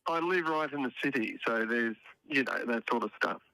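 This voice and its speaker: A man's voice: medium pitch, normal speed, sharp tone, no room sound, rough recording. A man calling in to a live show, chatting in a rambling, wry way with dry jokes. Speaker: call-in guest. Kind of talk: casual phone-in chat.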